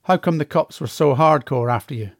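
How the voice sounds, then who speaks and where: A man's voice: fairly high pitch, brisk, no echo, studio quality, natural voice. A man voicing a menacing, crude, tattooed male convict who threatens his new cellmate.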